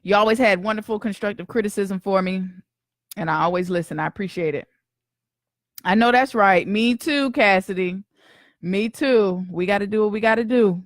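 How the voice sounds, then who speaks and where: A woman's voice: mid-range voice, moderate pace, no room sound, clean studio sound. A woman podcast host in casual live-stream chat, slangy and talkative, greeting viewers by name.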